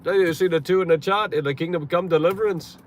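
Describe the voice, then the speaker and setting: A loud, cheery mock British bloke, put on by a man, sing-song and raised high above his usual voice, tacking a chummy greeting onto everything. The delivery is bouncy and overdone, a clear joke voice. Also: fast talker, a little hiss or hum, lightly acted.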